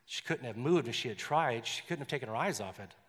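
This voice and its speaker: A man's voice: mid-range voice, animated, fast talker, fairly bright tone, in a large hall. A male pastor preaching in a conversational way, with joking asides and a story read aloud.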